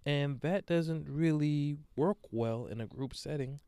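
A young man hosting a podcast, telling a story in a casual, profane monologue with lively swings into acted-out quotes. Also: a little high, measured pace, smooth, no room sound, clean studio sound. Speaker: podcast host.

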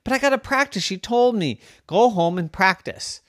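A parent squeaking as an excitable little girl gymnast. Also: normal speed, no room sound, clean studio sound, close to an everyday voice. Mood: eager. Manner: high, squealy, sing-song. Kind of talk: bedtime story voice.

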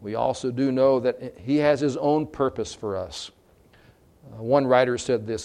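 A man's voice: medium pitch, measured pace, a little mellow. Earnest male preacher mid-sermon. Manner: earnest, with fillers and restarts. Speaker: pastor.

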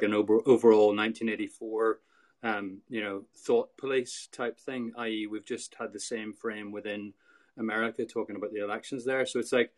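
A man speaking as a guest in a casual live audio chat, halting and searching for words. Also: fairly low pitch.

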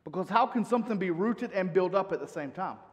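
A male pastor preaches to his congregation, moving between relaxed, chatty asides and scripture readings. His voice sits a little high, and it carries a long reverb from a church hall. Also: a little fast. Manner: conversational preaching, reads scripture aloud. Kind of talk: sermon.

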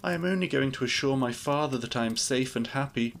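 A man voicing an earnest, gentle young woman in a storybook reading, lifting his voice softly. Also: fairly even intonation, normal speed, slight background noise, natural voice. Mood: pleading. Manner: raised pitch, soft and pleading.

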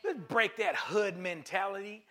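A man's voice: high voice, measured pace, pushed and bright. A man preaching a sermon as pastor, emphatic, repeating phrases for stress and calling out to the congregation. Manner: calls to the congregation.

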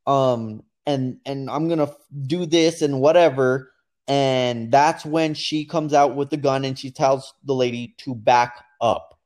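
A man's voice: mid-range voice, measured pace. A man co-hosting a casual talk show, telling a story and acting out quotes as he goes. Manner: animated storytelling, acts out quotes. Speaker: podcast co-host. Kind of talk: casual commentary chat.

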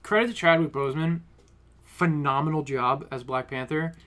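A man's voice: a little high, normal speed, a bit bright. A man hosting a casual movie podcast, teasing his co-hosts and laughing often. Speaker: podcast host.

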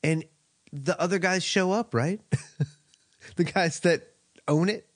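A man's voice: sits high, slow, no echo. Laid-back man chatting about a movie. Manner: laid-back, rambling, profane, with small laughs. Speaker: podcast co-host. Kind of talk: casual film discussion.

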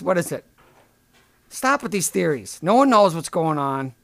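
Male comic host: high-pitched, sarcastic, crude rambling rants, dry close sound. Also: very animated, a little slow, gravelly, pauses often, fairly bright tone, dry recording. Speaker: podcast host. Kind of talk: comedic rant.

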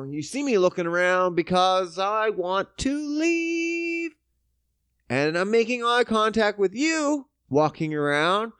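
A man delivers a profane, sarcastic rant straight to the camera. His voice sits high and swings widely, dropping to grumbling mutters and then leaping into outbursts. The sound is dry and close, with no room echo. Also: a bit bright.

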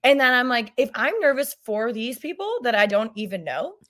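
A woman's voice: on the high side, sing-song, normal speed, fairly bright tone. A woman in her thirties, a podcast guest in casual chat, rambling and restarting her sentences, often breaking into laughs.

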